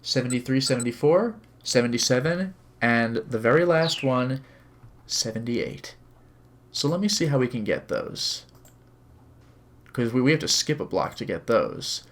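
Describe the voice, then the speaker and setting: A man's voice: medium pitch, very animated, a little slow. A man playing a visual novel on stream, chatting casually and reading its narration and dialogue aloud with light character voices. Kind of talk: casual game commentary with read-aloud narration.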